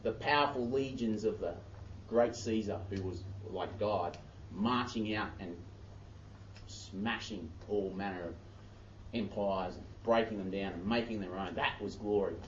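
At a measured pace and fairly low pitch, an Australian pastor reads scripture during his sermon and keeps breaking off into conversational asides. A little hiss or hum sits on the echoey, distant, dull church recording.

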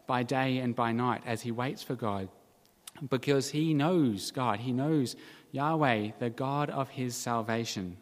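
A man preaching a sermon in an earnest, measured way, with dramatic quoted cries now and then. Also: mid-range voice, big-room sound. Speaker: pastor.

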